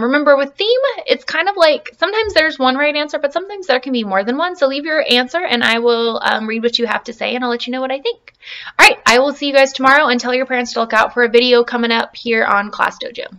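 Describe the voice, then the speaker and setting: A woman teacher reading a storybook aloud to her class, animated and encouraging. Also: high voice, fast talker.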